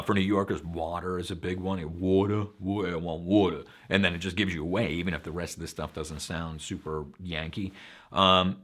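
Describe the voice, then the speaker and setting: Host, male, lowish voice, light Long Island accent; frank, chatty, lots of "uh" and "you know". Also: fairly bright tone. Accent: slight Long Island New York. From Long Island, New York. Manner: frank, conversational, many fillers. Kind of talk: casual advice talk.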